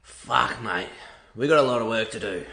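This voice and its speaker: An actor playing a gruff, profane male mentor giving a blunt tough-love pep talk in a comedy clip, with a gravelly voice. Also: mid-range voice, moderate pace, very noisy, natural voice. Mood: pushy. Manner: blunt, swearing, drill-sergeant pep talk.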